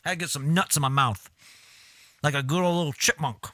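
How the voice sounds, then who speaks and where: A man's voice: on the high side, a little fast, a bit bright, dry recording, clean studio sound. A man hosting a live stream, giving casual, crude, joking commentary with laughing asides.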